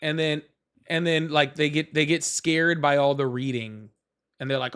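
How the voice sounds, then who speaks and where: A young man runs a live political call-in stream in a fairly high voice. He rambles, swears freely and restarts his sentences as he talks over callers. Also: expressive, normal speed, fairly bright tone. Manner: loose and profane, many fillers and restarts. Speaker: livestream host. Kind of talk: casual livestream debate with callers.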